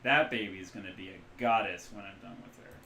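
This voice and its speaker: A man voicing a cheerful, hungover, middle-aged male back-alley doctor with a loud, folksy Midwestern accent and a boastful manner, in a roomy-sounding room. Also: mid-range voice, very animated, a little fast, slight background noise, pitched above the performer's own voice. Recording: roomy echo.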